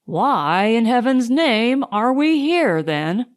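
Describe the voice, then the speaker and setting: A woman voicing an impulsive, exasperated young gentleman in an audiobook, speaking with vehemence. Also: medium pitch, animated, slow. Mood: vehement. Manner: vehement, half angry.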